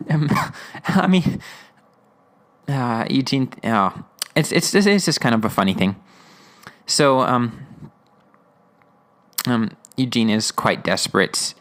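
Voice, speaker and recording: A man's voice: mid-range voice, slow pace. Man, casual podcast host, chatty and rambling. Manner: rambling, laughing, many fillers. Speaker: podcast host reviewing episodes. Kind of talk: casual episode discussion.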